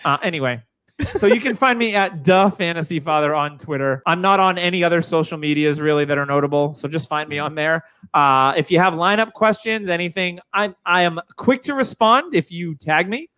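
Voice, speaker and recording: A man's voice: fairly high pitch, a little fast, bright, forceful tone, smooth. A man from New Hampshire, a guest on a podcast, chatting casually and joking with some swearing. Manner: loose, joking, swears freely.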